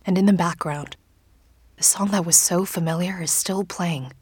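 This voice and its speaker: A woman narrating a first-person story in an audiobook, in a hushed, often whispered, intimate delivery. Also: on the low side, normal speed, husky, no room sound.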